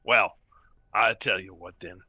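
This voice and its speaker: A man voicing a gruff, menacing bugbear chief who speaks bluntly in slangy "yous" talk. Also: sits low, fairly even intonation, a little slow, pushed and bright, no echo, dull audio, exaggerated voice.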